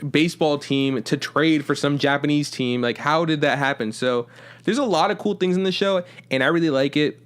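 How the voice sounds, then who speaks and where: A man's voice: a little high, moderate pace, clear, resonant tone. A man hosting a podcast in casual chat, rambling with lots of fillers and swearing freely. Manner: rambling, profane, filler-heavy. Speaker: podcast host.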